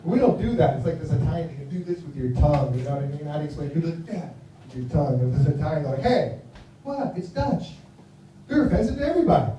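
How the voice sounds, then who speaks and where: In a very echoey room, faint noise in the background, a distant male voice runs very fast, high-leaning and mellow. He's an American comedian in his fifties doing a rambling, mumbled stand-up set at a live venue.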